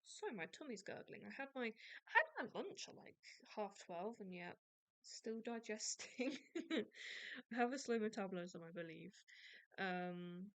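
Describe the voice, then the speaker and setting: English woman podcast host, young adult, unhurried rambling chat, slight vocal fry. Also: medium pitch, very animated, fairly bright tone, dry recording. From England. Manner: rambling, self-deprecating, many restarts. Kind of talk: casual chat.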